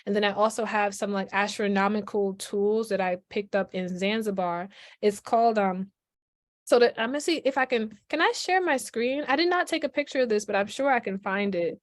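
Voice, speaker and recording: A woman's voice: mid-range voice, a little fast, no room sound. A woman from Brooklyn, chatting animatedly as a guest on a video call, full of "like" and "yo". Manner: animated, lots of "like" and "yo", laughs often. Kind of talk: casual chat on a video call.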